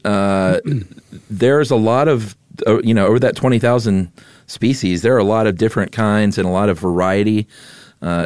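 A man with a low, deep voice co-hosts a podcast, explaining facts in a laid-back, joking way. The sound is dry and close on a studio microphone. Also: a little mellow, no room sound. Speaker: podcast co-host. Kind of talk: casual chat.

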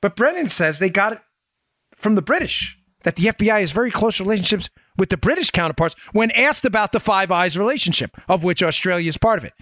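A man's voice: high-pitched, expressive, fast, a bit bright, no echo, clean studio sound. A man hosting a political podcast, delivering emphatic commentary full of rhetorical questions aimed at his listeners. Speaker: podcast host.

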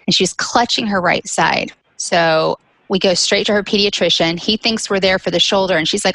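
A woman's voice: medium pitch, moderate pace, creaky, fairly bright tone, dry recording, rough recording. A woman guest telling a personal caregiving story, candid, with light laughs between serious points.

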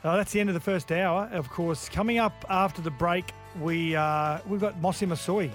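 A man's voice: high voice, moderate pace, soft background music. A man hosting a sports radio show, chatting casually and reading out listener texts.

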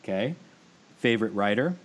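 Chatty low-voiced American host. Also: male voice, expressive, moderate pace. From United States. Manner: chatty, eager, self-interrupting. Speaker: podcast host. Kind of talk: casual interview chat.

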